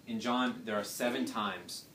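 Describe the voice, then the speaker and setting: A young man with a slightly low voice leads a casual Bible study, talking through the passage in a chatty way and dropping in rhetorical questions and jokes. He sits back from the microphone in a roomy, echoing space. A faint background hum runs underneath. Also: measured pace, a bit bright. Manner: conversational, rhetorical questions, joking asides. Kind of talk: casual scripture teaching. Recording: roomy, distant mic, faint background noise.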